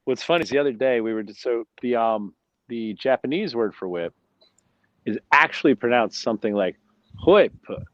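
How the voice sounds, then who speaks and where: A man, a brewery owner, chatting as a guest and telling animated jokey stories over a phone. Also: mid-range voice, brisk, dry recording. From United States. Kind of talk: casual chat over a phone line. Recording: muffled dry phone-call audio.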